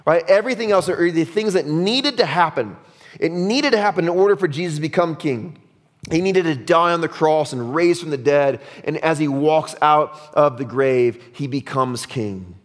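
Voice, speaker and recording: A man preaches a sermon in an easy, conversational way, often checking in with his listeners and dropping his voice low and soft to stress a point. His voice sits a little higher than most men's, and it carries a long reverb from the church hall. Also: normal speed. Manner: conversational preaching with frequent "right?" asides, drops low and soft for emphasis. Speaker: pastor.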